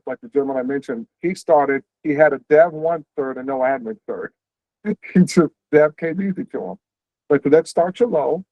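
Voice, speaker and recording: A man hosting an info session on a video call, explaining career paths quickly and conversationally, checking in with "right?". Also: mid-range voice, no room sound. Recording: tinny, phone-like dry audio.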